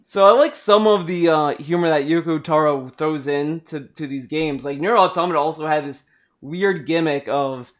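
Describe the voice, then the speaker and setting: A man's voice: a little high, moderate pace. A man hosting a casual podcast, chatting about games in a rambling way full of fillers and restarts. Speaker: podcast host.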